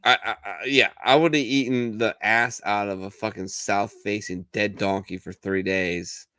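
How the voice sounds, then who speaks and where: Low-voiced, profane man on a podcast. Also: steady tone, moderate pace, fairly bright tone, clear, resonant tone, no echo, clean studio sound. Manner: profane, loose, joking. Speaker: podcast host. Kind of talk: casual banter.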